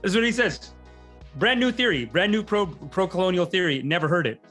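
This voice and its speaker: A man's voice: high voice, lively intonation, a little fast, a bit bright, faint music behind. A man hosting a podcast, riffing in a rambling, tangent-prone comedic monologue. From Canada.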